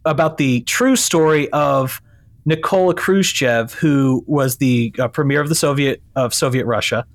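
A man's voice: mid-range voice, unhurried. A man in his thirties telling a rambling story as a podcast guest, casual and full of fillers. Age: 30s. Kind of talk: casual chat.

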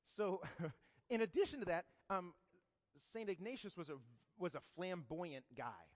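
A man's voice: high-pitched, very animated, unhurried, a little mellow. A man telling a saint's life story in a casual, joking talk, often checking in with "right?" asides. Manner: conversational, frequent "right?" asides and joking comparisons. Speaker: speaker teaching about a saint. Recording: long reverb of a hall.

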